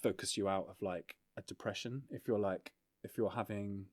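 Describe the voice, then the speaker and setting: A man, a documentary filmmaker, talking in a relaxed, rambling way on a casual podcast, full of fillers and swearing. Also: fairly low pitch, normal speed, no room sound, clean studio sound. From England.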